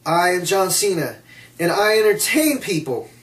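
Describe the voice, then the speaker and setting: A man's voice: high voice, sing-song, normal speed, fairly bright tone, far from the mic. A man doing a mocking impression of a boastful male wrestler, hamming up the bragging. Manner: over-the-top, self-mocking boasting. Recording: echoey room, off mic.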